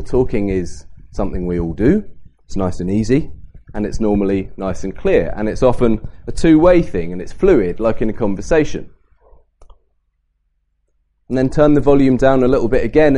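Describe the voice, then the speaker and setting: A man giving a Bible talk at a camp, lively and varying his pace and emphasis to make points. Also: on the low side, moderate pace. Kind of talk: sermon to a youth camp.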